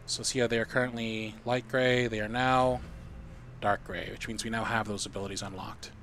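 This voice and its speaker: A man's voice: lowish voice, fairly even intonation, normal speed, a bit bright, slight background noise. A man streaming a video game live, walking viewers through the steps in a chatty, explaining way.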